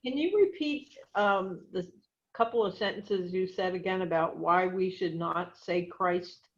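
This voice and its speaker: A woman's voice: lowish voice, a little slow. A woman in a class, asking a question hesitantly. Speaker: class participant. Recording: dull, distant video-call audio.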